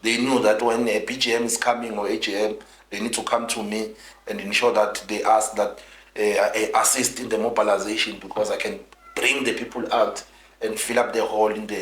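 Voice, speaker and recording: A male guest politician from South Africa, with a fairly low yet fairly bright voice, tells his life story in an interview. He is earnest and rambling and restarts a lot, recorded with roomy echo and a little hiss or hum.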